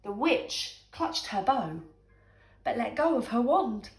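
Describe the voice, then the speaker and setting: Slow animated woman reading a bedtime story. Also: a little high. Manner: animated, dramatic storytelling with whispers. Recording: echoey room, faint music.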